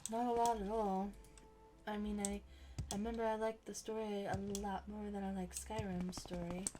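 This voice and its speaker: A woman's voice: mid-range voice, little pitch movement, normal speed, background noise. A young woman chatting casually and thinking aloud as she plays a video game. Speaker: gaming channel host. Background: game music and keyboard typing.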